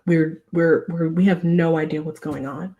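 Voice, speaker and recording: A woman's voice: low-pitched, fairly even intonation, moderate pace, warm tone, dull audio, lightly acted. A woman voicing a fretful, apologetic camp director who rambles in a tabletop game. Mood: flustered.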